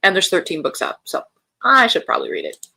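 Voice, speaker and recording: A woman's voice: lowish voice, huge pitch swings, a little fast, vocal fry, breathy edge, no echo. Chatty woman hosting a reading stream. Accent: American. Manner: chatty, friendly, reads chat aloud with bright lifts. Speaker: livestream host of a reading sprint. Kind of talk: casual livestream chat, reading out viewer comments.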